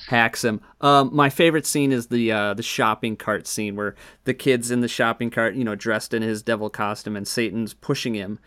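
A man appears as a guest on a casual podcast, talking horror movies. He is animated and laughs easily. He jumps into acting out scenes as he goes. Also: medium pitch, normal speed, hardly any pauses, smooth, dry recording, studio quality. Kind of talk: casual chat about horror films.

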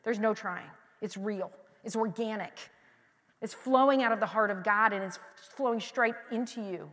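In a large church hall with long, echoing reverb, a high-voiced, bright-toned woman pastor delivers a conversational sermon at normal speed. She's candid and loose, sharing personal stories, often restarting sentences, and shifting between near-whispered confiding and loud, emphatic declarations.

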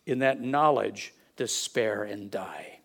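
A man's voice: fairly low pitch, takes it slowly, creaky, full character voice. A man voicing a cruel female witch who gloats over her victim in a quivering, taunting voice. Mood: gloating. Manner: quivering, taunting, rising to shouts.

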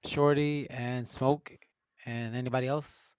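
Running a movie vote in a relaxed online chat, this male host cheerfully announces the matchups and counts up the votes. He speaks unhurriedly at medium pitch with fairly even intonation, and the sound is clean with no echo.

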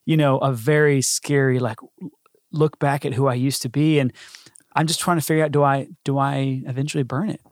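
A man's voice: mid-range voice, steady tone, brisk, dry recording, studio quality. A man hosting a podcast in casual chat, joking and self-deprecating. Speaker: podcast host.

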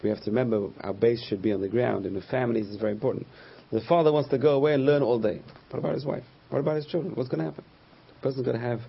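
Husky man giving a Torah class. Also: medium pitch, dull audio. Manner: storytelling, acts out quoted voices. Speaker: rabbi teaching a class.

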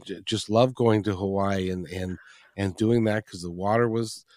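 A man's voice: lowish voice, fairly even intonation, moderate pace, darkish tone, dry recording, studio quality. A man hosting an interview, talking casually with many repeated words and restarts. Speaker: interview host. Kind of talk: casual chat.

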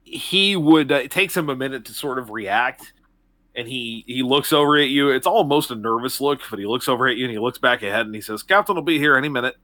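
A man's voice: mid-range voice, a little fast, sharp tone, no room sound. A man narrating a tabletop game as game master, in a casual style with lots of fillers.

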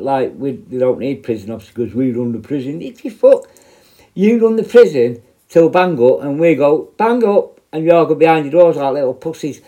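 A middle-aged man, a prison officer telling stories in a blunt, swear-heavy, animated way. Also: mid-range voice. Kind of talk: casual storytelling monologue.

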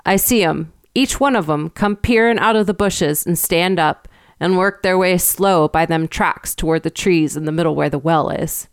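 A woman's voice: fairly low pitch, normal speed, smooth, dry recording, studio quality, lightly acted. Woman doing grave old country shepherd. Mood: ominous. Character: gruff old rustic male shepherd, grave and superstitious. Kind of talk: storybook reading.

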